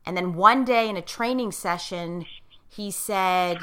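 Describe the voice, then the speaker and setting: A middle-aged woman with a lowish, bright and forceful voice talks in a casual, coaching way. She leans on her key words and keeps checking that her listener follows. When she tells a personal story she gets choked up. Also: a little slow, a little hiss or hum. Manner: gets choked up while telling a moving story.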